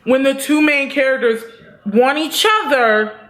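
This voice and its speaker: A young woman casually reviewing a TV series, talking in animated, profane bursts that swing between loud outbursts and quick asides. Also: high voice. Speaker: TV review vlogger.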